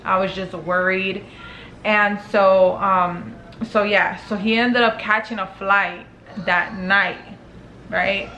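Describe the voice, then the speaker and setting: A woman's voice: mid-range voice, fairly even intonation, takes it slowly, sharp tone, highs cut off, slight background noise. A young woman telling a personal story to camera in casual chat, full of fillers and swearing. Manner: chatty, filler-heavy, swears casually, acts out quotes. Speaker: storytime vlogger. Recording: echoey room with faint ambience.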